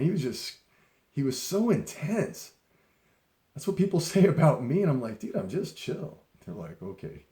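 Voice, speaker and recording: A man's voice: mid-range voice, warm tone, echoey room. A middle-aged man telling personal leadership stories in a casual, rambling way, laughing often and restarting his sentences. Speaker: speaker sharing leadership stories. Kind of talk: casual storytelling talk.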